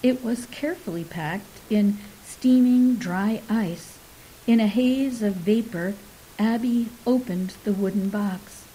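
Slow, mellow woman reading a story. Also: mid-range voice, husky, low-quality recording. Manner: unhurried, softly dramatic, dips into whispers.

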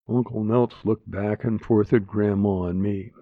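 A man narrating a story aloud in a slow, plain manner. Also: fairly low pitch, fairly even intonation, no room sound. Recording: dry, tinny phone-like sound.

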